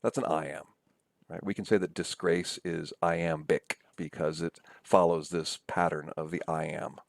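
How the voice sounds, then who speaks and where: A deep-voiced man with a gravelly edge explains things slowly and patiently, pausing to check in with his listeners. His delivery has the measured pace of a professor's recorded lecture, and he stretches out words to sound them out. The recording is close and dry. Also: fairly even intonation, no room sound. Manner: patient, repeats words and checks in with "right?" and "okay?"; slows down to sound out syllables.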